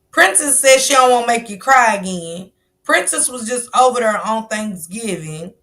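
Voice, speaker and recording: A woman's voice: on the high side, a bit bright. A woman hosting a stream, giving blunt, slangy commentary on a clip. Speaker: stream host. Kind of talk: casual commentary on a news clip.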